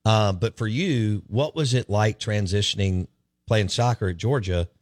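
Low-voiced middle-aged Southern host. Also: male voice, no room sound, clean studio sound. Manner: affable, agreeable, quick endorsements. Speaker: radio show host. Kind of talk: casual radio chat.

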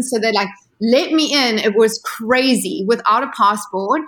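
A woman's voice: fairly high pitch, a little slow, hardly any pauses. Chatty woman in her thirties telling stories. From South Africa. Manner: animated, chatty, heavy use of filler words. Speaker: yacht stewardess guest. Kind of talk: casual storytelling interview.

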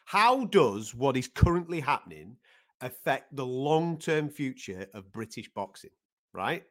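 A man's voice: mid-range voice, sing-song, measured pace, fairly bright tone. A man co-hosting a podcast, talking casually and emphatically, often restarting to find his words. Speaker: podcast co-host. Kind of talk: casual chat.

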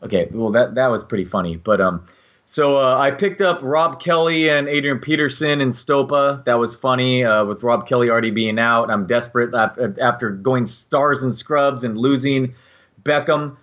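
A man co-hosts a podcast in relaxed chat, slipping in dry, teasing remarks. His voice sits at a middling pitch. The audio is dull and lo-fi, lacking highs. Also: moderate pace. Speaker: podcast co-host. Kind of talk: casual chat.

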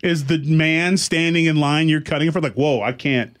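A middle-aged man co-hosting a casual chat, telling stories with lively acted-out quotes. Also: a little high, normal speed. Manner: animated storyteller, acts out quoted voices. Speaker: podcast co-host.

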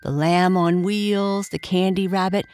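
A woman's voice: lowish voice, fairly even intonation, measured pace, a little mellow, pitched above the performer's own voice, lightly acted. Woman doing a sweet, chatty little doll. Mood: eager. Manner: eager, chatty, cheerful. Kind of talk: storybook reading.

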